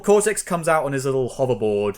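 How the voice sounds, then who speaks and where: A man co-hosts a relaxed games podcast, talking with an animated, up-and-down voice. He laughs easily and sometimes slips into a mock old-time announcer tone while retelling scenes. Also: medium pitch, a little fast. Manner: animated, laughs often, puts on a newscaster voice at times. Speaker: podcast co-host. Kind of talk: casual chat about games.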